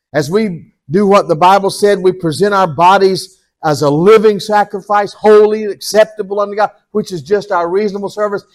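An older man preaching a sermon in an earnest, folksy, repetitive way. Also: high-pitched. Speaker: pastor.

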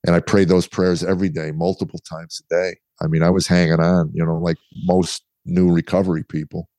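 A man's voice: sits low, level tone, brisk, warm tone, dry recording. A middle-aged man, a guest author, telling his story candidly in conversation and acting out the dialogue he quotes. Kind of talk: interview storytelling.

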